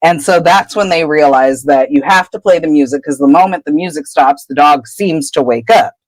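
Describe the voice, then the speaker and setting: Podcast lady recapping a chapter, lowish voice, dry close sound, into it. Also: moderate pace, dry recording, poor audio. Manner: animated storytelling. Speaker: podcast co-host. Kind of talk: casual chat retelling a book chapter.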